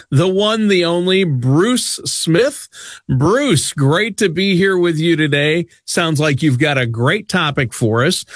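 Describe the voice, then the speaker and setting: A man's voice: on the high side, fairly bright tone, no echo, studio quality. A man co-hosting a radio talk show, upbeat and friendly as he asks questions. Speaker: radio co-host. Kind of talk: casual radio chat.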